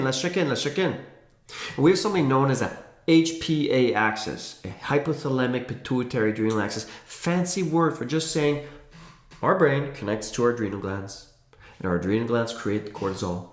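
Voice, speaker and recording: A man giving an energetic, emphatic health lesson to camera, with playful asides. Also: medium pitch. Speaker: naturopathic health educator. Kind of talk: energetic educational talk to camera. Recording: roomy echo.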